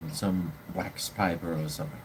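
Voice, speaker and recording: Casting: Australian bloke, live-stream host, sweary and rambling, faint background hum. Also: male voice, deep voice, fairly even intonation, moderate pace. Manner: rambling, blunt, swears freely. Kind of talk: casual live-stream chat.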